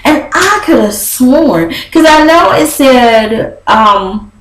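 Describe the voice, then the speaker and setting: Young woman vlogger, sassy casual chat, high animated voice. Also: slow pace, echoey room, slight background noise, poor audio. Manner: sassy, chatty, animated with laughs and quoted voices. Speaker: vlogger recapping a reality show. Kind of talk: casual gossip recap.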